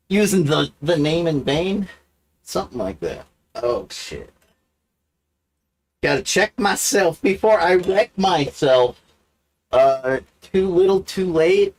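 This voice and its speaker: This livestream host addresses the camera in a wandering, casual monologue full of swearing and self-mockery, his pitch swinging widely and abruptly.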